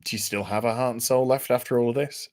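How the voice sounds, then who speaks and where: A man's voice: mid-range voice, fairly even intonation, fast talker, a little mellow. A man hosting a casual podcast, swearing freely and reading out viewer messages. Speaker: podcast host.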